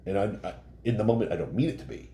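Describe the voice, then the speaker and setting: A man co-hosting a casual podcast chat, talking about himself in a halting, reflective way with many restarts. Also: fairly low pitch, expressive, mellow. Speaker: podcast co-host. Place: bar room. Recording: roomy echo, faint background noise.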